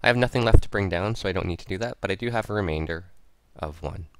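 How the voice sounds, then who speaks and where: A man's voice: sits low, fast talker, a bit bright, no room sound. A man teaching math, explaining each step patiently and repeating it aloud as he writes it out. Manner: patient, repeats steps aloud while writing. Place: at a computer, recording a screen lesson.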